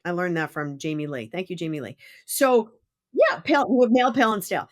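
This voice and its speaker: A woman's voice: fairly low pitch, a little fast, no room sound, clean studio sound. A middle-aged woman hosting a podcast interview, talking bluntly and emphatically, with some swearing. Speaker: podcast host. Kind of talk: casual interview chat.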